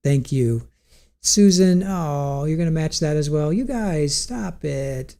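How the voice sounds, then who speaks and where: A man's voice: fairly high pitch, lively intonation, slow pace, gravelly, mellow. A man hosting a livestream from home, chatting casually, reading out viewer comments and laughing often. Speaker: livestream host. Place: home room with cats.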